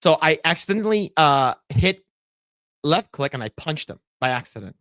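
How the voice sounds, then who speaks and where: A man's voice: fairly high pitch, lively intonation, moderate pace, a bit bright, clean tone, dry recording, studio quality. A man co-hosting a podcast, telling a rambling gaming story with lots of fillers and frequent laughter. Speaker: podcast co-host. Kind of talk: casual chat, storytelling.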